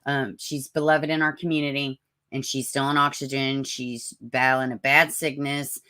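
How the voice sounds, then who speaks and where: Woman, deep raspy voice, casual live-stream host who greets her chat. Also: level tone, normal speed, sharp tone. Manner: chatty, greets viewers by name, asks for prayers. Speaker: livestream host.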